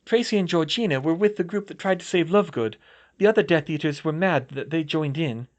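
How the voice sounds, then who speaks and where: A man's voice: on the high side, brisk, muffled recording, pitched above the performer's own voice, close to an everyday voice. A man voicing a cold, blunt young woman student who speaks matter-of-factly.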